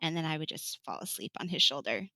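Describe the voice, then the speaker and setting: A chatty woman in her thirties from California, appearing as a podcast guest, tells her birth story in an interview, laughing often and acting out what people said. Her low voice is creaky, bright and forceful, with lively intonation and a quick pace. The recording is poor, with no room sound.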